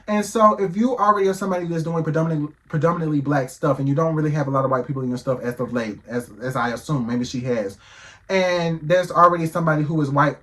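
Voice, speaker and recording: A man's voice: on the high side, fast, fairly bright tone. A man giving heated reaction commentary, firing off rhetorical questions and swearing freely.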